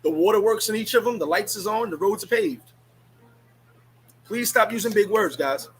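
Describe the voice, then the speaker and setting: Guy on a livestream going off, kinda high voice, sarcastic, bit of hiss. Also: normal speed, low-quality recording. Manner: animated, blunt, sarcastic. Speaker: livestream host. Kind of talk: casual live-stream rant.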